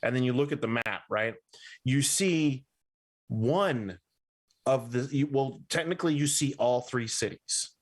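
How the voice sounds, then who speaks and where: A man's voice: mid-range voice, unhurried. A man running a tabletop game as game master, narrating in a casual way and checking in often with "right?". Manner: casual, uses fillers like "right?".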